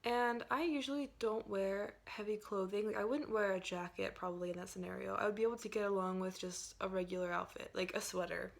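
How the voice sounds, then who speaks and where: A young woman from Pennsylvania, chatting to her viewers in a loose vlog. She rambles from point to point and leans on fillers and hedges. Her voice sits at a middling pitch. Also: fairly even intonation, brisk, creaky, few pauses. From Pennsylvania, USA. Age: young adult. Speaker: vlogger. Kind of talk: casual vlog chat.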